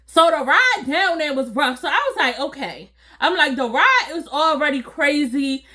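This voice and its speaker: A woman telling a casual, animated storytime to her viewers, acting out voices and laughing along. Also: high voice, moderate pace. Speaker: storytime vlogger.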